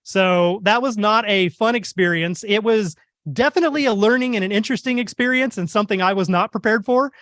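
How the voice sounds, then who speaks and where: A beekeeper speaking at a club meeting, telling a story in an animated, wry way. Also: male voice, high voice, a little fast, no echo. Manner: animated, wry anecdotal delivery. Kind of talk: humorous storytelling talk.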